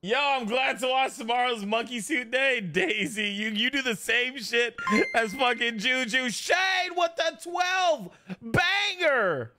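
Excitable high-voiced young man streaming. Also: unhurried. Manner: excitable, swears a lot. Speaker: streamer playing a roleplay game. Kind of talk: casual gaming chat.

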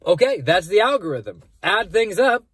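A man's voice: sits high, normal speed, slightly rough, no echo. A man who is a math teacher explaining averages in a casual, conversational lesson, often rephrasing and breaking off mid-sentence. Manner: conversational, animated, self-interrupting.

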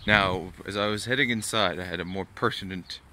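A man's voice: deep voice, brisk, pushed and bright, a little hiss or hum. A young man hosting his own video channel, ranting bluntly and swearing freely as he answers a fan's question. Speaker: vlog host answering fan questions. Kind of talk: casual profane rant to camera.

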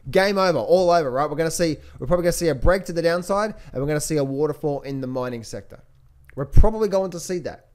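Emphatic man with a slightly high voice. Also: fast talker, a little mellow. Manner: emphatic, repeats phrases, keeps addressing viewers as traders and guys; restless with many restarts and fillers. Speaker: trading coach and channel host. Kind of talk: stock market commentary.

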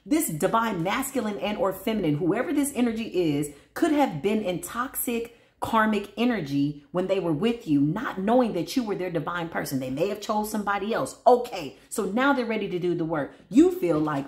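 Woman, tarot reader, laughing, chatty, swooping pitch, echoey room. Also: normal speed, few pauses. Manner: animated, laughing often, big pitch swings, talks to spirit and viewers. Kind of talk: casual tarot reading.

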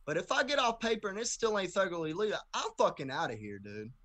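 Young guy from tennessee ranting through a story, cussing nonstop, kinda high voice. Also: fast talker. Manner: profane, animated storytelling with heated outbursts. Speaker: guest rapper. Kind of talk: casual storytelling interview.

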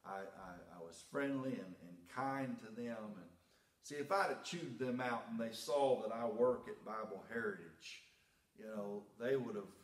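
Folksy preaching pastor in an echoey church. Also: male voice, lowish voice, measured pace. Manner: folksy storytelling, rising to preaching emphasis. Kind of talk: sermon. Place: church sanctuary.

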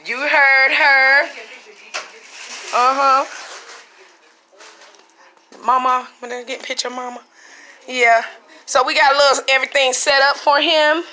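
A woman's voice: high voice, fairly even intonation, unhurried, long pauses, sharp tone. A middle-aged woman, chatting casually to her viewers at home. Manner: chatty, talks to viewers as y'all. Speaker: vlogger. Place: living room at home.

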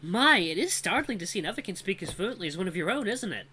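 A storyteller voicing a clever, sharp-tongued young female wolf who runs a bakery. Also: mid-range voice, very animated, husky, voice pushed up, full character voice. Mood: sassy. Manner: quick, sassy, sharp.

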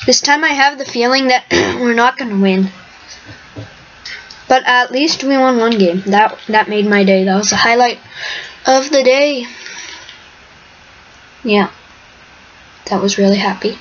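This gamer hosts her own video, commenting on the play live in a chatty, rambling manner and occasionally whispering. Her voice is a little high and fairly bright, at a moderate pace broken by long pauses. A dull lo-fi mic leaves faint hiss.

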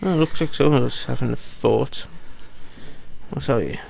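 A man's voice: mid-range voice, gravelly, a little mellow, dull audio, a little hiss or hum. A man giving muttered, wry commentary while playing a horror game. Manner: slow, muttering, wry asides. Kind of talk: let's play commentary.

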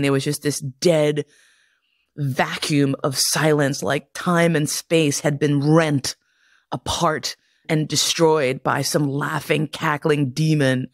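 A woman's voice: sits low, dry recording, clean studio sound. Profane, laughing woman storyteller. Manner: profane, laughs often while telling stories. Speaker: podcast host. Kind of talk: casual storytelling monologue.

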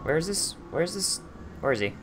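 A man's voice: on the high side, very animated, brisk, over music. A man commentating his gameplay with profane, joking banter. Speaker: gameplay streamer. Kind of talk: let's play commentary.

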